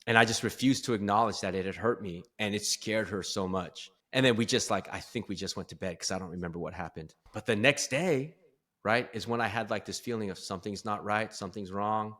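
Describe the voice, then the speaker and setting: Earnest man with a bright voice. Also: lowish voice, a little fast. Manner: earnest, openly vulnerable, laughs at himself. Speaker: podcast guest, performance coach. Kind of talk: candid conversational storytelling.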